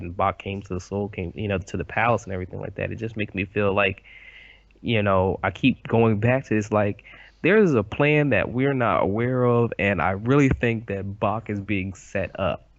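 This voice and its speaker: A man's voice: lowish voice, no echo, highs cut off. A man co-hosting a podcast, talking in a rambling, emphatic way full of fillers, recorded over a voice call. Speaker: podcast co-host. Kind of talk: casual podcast discussion. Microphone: computer mic over a voice call.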